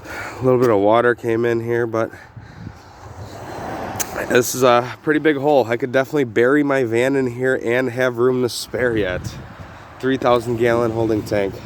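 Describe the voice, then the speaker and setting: A young man casually narrating a homestead vlog outdoors in the snow, talking in a relaxed, rambling way with many pauses. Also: mid-range voice. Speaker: homestead vlogger. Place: outdoors on a snowy rural property. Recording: faint engine noise behind. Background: idling engine.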